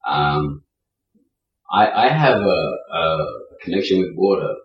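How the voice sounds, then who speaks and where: A man telling travel stories in a casual interview, acting out quotes with animated voices. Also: sits low, slow pace. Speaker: podcast guest, traveler. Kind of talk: casual storytelling. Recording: roomy, distant, dull sound.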